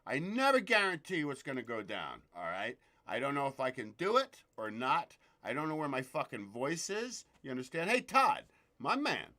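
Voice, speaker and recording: A man's voice: mid-range voice, sing-song, moderate pace, bright, forceful tone. A man hosting a loose live show, joking, swearing and greeting viewers by name. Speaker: show host. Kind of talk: casual live-stream chat.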